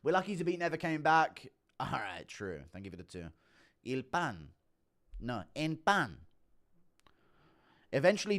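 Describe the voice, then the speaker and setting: A man from Canada, a streamer joking crudely while reading out donations. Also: on the low side. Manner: crude, mocking jokes. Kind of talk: casual livestream chat reading donations.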